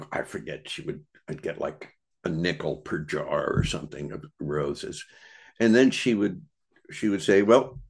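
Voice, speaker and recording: An older American man, a podcast guest, tells reflective childhood stories in a meandering, thoughtful way, with many pauses and restarts. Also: low-pitched, gravelly. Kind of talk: reflective storytelling conversation.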